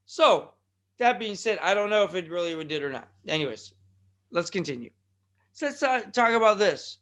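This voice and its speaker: High, bright-voiced rambling podcast host man. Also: expressive, moderate pace. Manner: joking, self-deprecating, rambling with tongue-tied restarts. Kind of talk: rambling solo podcast monologue. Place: California.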